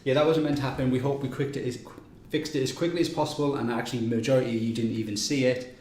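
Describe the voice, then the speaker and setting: A man's voice: medium pitch, steady tone, fast talker, darkish tone. A man hosting a game live stream, running through upcoming events in a loose, chatty way with plenty of ums and restarts. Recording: echoey room with faint noise.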